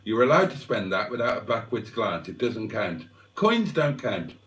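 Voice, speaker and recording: Bloke rambling on a livestream, self-mocking, keeps clearing his throat, mic a bit far off. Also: on the low side, big pitch swings, normal speed, fairly bright tone. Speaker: livestream host. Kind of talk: rambling casual chat to viewers. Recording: roomy sound, mic at a distance.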